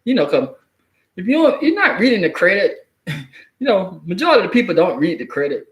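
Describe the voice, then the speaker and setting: Man vlogger with a high voice, slangy and rambling, laughs between phrases. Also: very animated, fairly quick. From southeastern US. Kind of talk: casual commentary to camera. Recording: echoey room.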